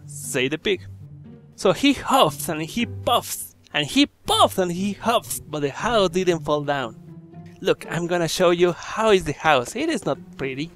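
A man's voice: high voice, sing-song, a little slow, fairly bright tone, soft background music. A man reading a children's horror story aloud, breaking off for chatty, joking asides to the listeners.

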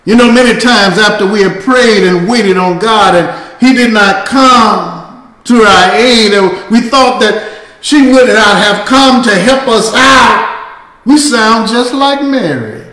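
A man preaching a sermon as pastor, in a slow cadence that climbs into shouts. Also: high voice, echoey room. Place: church sanctuary.

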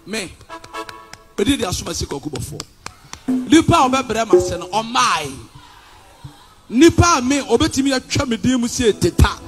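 A Ghanaian man preaching with fiery defiance, his voice unusually high and swinging widely in pitch. He shouts and switches between Twi and English. Faint music plays under the sermon. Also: sing-song, normal speed, pauses often. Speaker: pastor.

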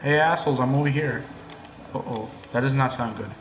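Excitable, cursing young man gaming. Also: medium pitch, a little fast, echoey room. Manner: excitable and profane, swinging between hushed muttering and loud yelling. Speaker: gamer. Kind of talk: casual gameplay commentary.

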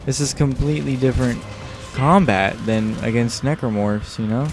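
A man's voice: medium pitch, steady tone, normal speed, faint music behind. A tired man giving casual, rambling commentary over a video game, joking and swearing often. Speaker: let's play host.

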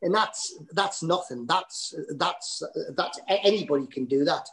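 A man's voice: on the high side, expressive, a bit bright. Geordie man telling rambling stories. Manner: rambling, restarts and fillers, quick to laugh at himself. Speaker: guest comedian. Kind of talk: anecdotal podcast chat.

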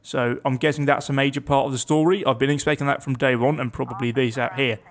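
A man's voice: mid-range voice, fairly even intonation, fast. A young man giving casual, chatty commentary on a game, reading its text aloud with wry asides. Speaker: let's play gamer.

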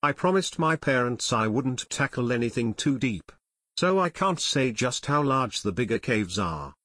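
A man's voice: mid-range voice, lively intonation, normal speed, fairly bright tone, dry recording. Cautious shopkeeper, read by a man, explaining, dry mic. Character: cautious male shop owner.

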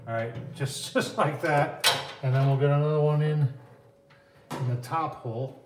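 A man's voice: a little high, fairly even intonation, normal speed, noisy background. A man giving a casual, folksy how-to walkthrough as he puts together a product, talking to viewers as "folks". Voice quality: folksy, chatty, lots of "folks" and "I tell you what". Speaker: product reviewer. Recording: roomy echo.

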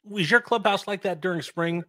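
Higher-voiced man asking interview questions. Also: normal speed, fairly bright tone. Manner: conversational, leading questions. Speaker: podcast co-host.

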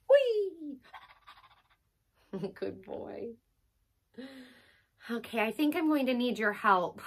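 A woman's voice: sits high, a bit bright. A woman leading a children's drama play session, acting out a story with big gasps and sighs.

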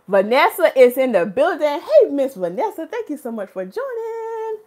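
A woman with a fairly high voice hosts a casual live stream about hair care. She greets viewers from the chat by name and turns animated and preachy when she makes her points. It sounds like she is talking into a phone or webcam. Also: moderate pace. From North Carolina, USA.

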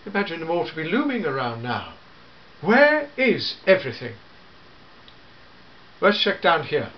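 A man's voice: a little high, wildly swooping pitch, a little slow, highs cut off, slight background noise. A man doing a fussy old time-traveller. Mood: fussy, chatty. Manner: fussy, hesitant, peppered with hmms and eh?s. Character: elderly fussy time-travelling gentleman, tetchy and grandfatherly. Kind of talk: fan audio drama monologue.

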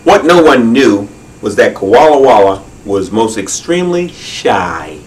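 Slow, lively male storyteller. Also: fairly low pitch, far from the mic, slight background noise, poor audio. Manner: unhurried, with leisurely drawn-out phrasing. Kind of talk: reading a children's story aloud.

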